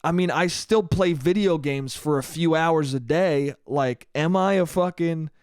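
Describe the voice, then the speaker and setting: A man's voice: a little high, unhurried, darkish tone, clean tone, dry recording, clean studio sound. Rambling, foul-mouthed young man. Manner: profane, rambling, self-interrupting. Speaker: podcast host. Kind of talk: solo comedic podcast monologue.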